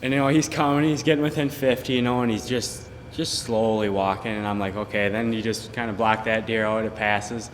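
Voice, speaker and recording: A male bowhunter recounting his hunt in an interview, animated and acting out the dialogue. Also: on the low side, brisk, hardly any pauses, long reverb tail, a little hiss or hum.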